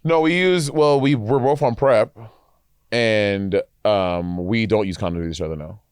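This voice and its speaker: A man's voice: lowish voice, a little slow, clean tone, dry recording. A man co-hosting a podcast, chatting casually and telling stories, with frequent stammered restarts and laughs. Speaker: podcast co-host. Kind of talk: casual chat.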